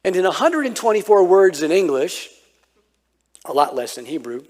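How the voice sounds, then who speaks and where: Male pastor, fairly high voice, lively storytelling sermon with acted-out quotes. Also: moderate pace. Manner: storytelling, animated, acts out childhood quotes.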